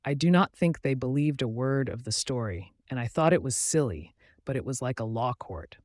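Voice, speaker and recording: A man reading a novel aloud in the first person, with measured, clear narration. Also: medium pitch, expressive, a little mellow, no echo, clean studio sound. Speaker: audiobook narrator.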